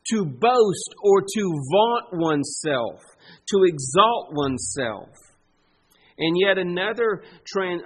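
A man preaching a sermon as pastor, slow and emphatic, drawing out the words he stresses. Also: sits high.

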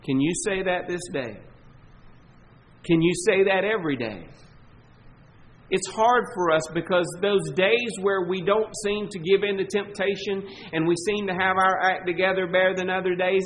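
A man with a Southern US accent preaching a sermon as pastor, emphatic, stretching key words and swinging between loud and soft. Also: high voice, a little hiss or hum, poor audio. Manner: emphatic preaching, swelling and dropping in volume, slow stressed words.

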